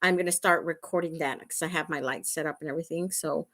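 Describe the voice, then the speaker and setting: Her voice is low-pitched yet a bit bright, with a steady tone and a fast pace, as she hosts a makeup tutorial livestream. She keeps the chat casual and laugh-filled, speaking right to viewers and asking "right?" and "okay?"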